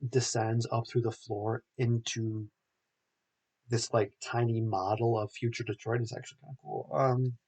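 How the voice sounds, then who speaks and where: A man's voice: mid-range voice, flat delivery, normal speed, darkish tone, husky. A young man hosting a podcast, recapping a film in a rambling, casual way full of filler words. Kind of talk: casual chat.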